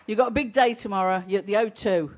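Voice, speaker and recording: A woman with a medium-pitched voice talks fast as she jokes with a festival audience from an outdoor stage during her live set. This singer-songwriter tells wry, self-deprecating stories between songs over loud live music.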